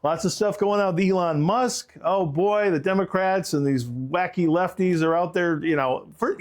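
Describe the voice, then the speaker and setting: Guy rambling on his podcast, kinda high voice, keeps drifting off on tangents. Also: lively intonation, brisk, hardly any pauses. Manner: rambling, goes off on tangents, many restarts. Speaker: podcast co-host. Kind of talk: casual podcast commentary.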